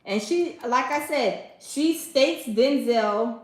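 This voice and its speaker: A woman's voice: high-pitched, animated, takes it slowly, roomy sound, low-quality recording. A woman hosting a casual commentary stream, talking straight to her viewers and repeating herself for emphasis. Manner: repetitive, emphatic, addresses viewers as y'all. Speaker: commentary host.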